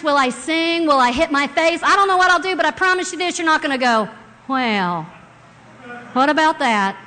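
A woman preaching a sermon in a church, expressive, moving between hushed reading and loud, sung passages. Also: very high-pitched. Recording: long hall reverb.

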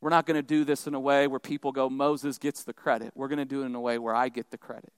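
A man voicing God as a calm, commanding male deity who speaks low and hushed to his prophet. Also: quick pace, clear, resonant tone, dry recording, lightly acted. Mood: solemn, commanding.

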